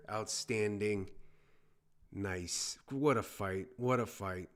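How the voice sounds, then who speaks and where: A man calls a fight live for his stream in a fairly low voice, loose and casual. He is excitable and chatty, repeating short exclamations and talking to viewers by name. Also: slow. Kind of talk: casual live play-by-play commentary.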